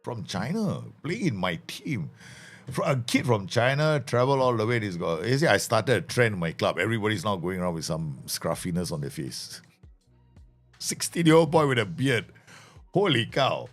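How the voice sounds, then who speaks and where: A man's voice: fairly low pitch, very animated, normal speed, faint music behind. A man giving chatty, jokey live commentary as he streams a game.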